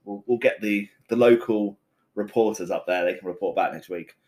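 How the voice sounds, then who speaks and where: A man's voice: on the low side, normal speed, a little mellow. A man hosting a casual football podcast, teasing his co-hosts and laughing often. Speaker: podcast host. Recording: roomy echo.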